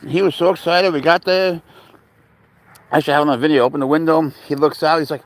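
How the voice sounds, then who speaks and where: Fairly quick and steady in tone, the slightly high-voiced livestream host wanders through casual talk in an outdoor park. He holds his phone, greets viewers, and addresses his cat.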